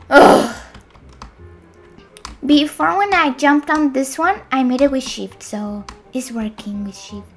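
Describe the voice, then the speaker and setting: High bright-voiced young woman gaming. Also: slow pace, long pauses, soft background music. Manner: frustrated, excitable, swings between loud outbursts and muttering. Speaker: gamer. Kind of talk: casual gameplay commentary.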